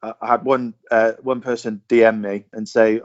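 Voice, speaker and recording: A man's voice: on the low side, flat delivery, normal speed, hardly any pauses, muffled recording. Chatty southern English man on a call. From southern England. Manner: rambling, repeats words, chatty. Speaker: podcast panelist. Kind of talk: casual storytelling chat.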